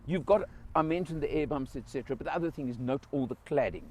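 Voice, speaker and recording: A man's voice: a little high, fast, a little mellow, a little hiss or hum. A South African man giving an enthusiastic, casual walkaround car review outdoors beside a car, pointing out features as he goes.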